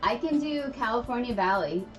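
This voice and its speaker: Chatty, playful woman with lively intonation. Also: a little high, fairly quick, soft background music. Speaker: co-host, streamer's wife. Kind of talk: casual chat.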